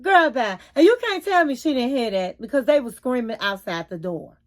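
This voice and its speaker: High-voiced, sassy woman recapping TV. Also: animated, normal speed. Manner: blunt, opinionated, sassy; informal, colloquial phrasing. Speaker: YouTube reality TV commentator. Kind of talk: casual episode recap and opinion.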